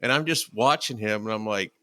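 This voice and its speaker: A man hosting a podcast, telling a lively story and acting out the quoted lines in casual chat. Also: lowish voice, a little fast, no room sound. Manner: lively, acts out quoted dialogue. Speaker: podcast host.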